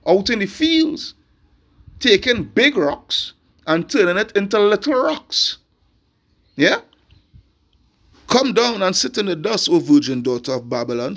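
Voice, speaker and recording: A middle-aged man with a Caribbean accent preaches in an emphatic, street-sermon style. His voice sits a little high for a man and carries a gravelly rasp. He stumbles through repeated words while building his point, then reads scripture in a slow, deliberate cadence. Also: fairly bright tone. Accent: Caribbean English.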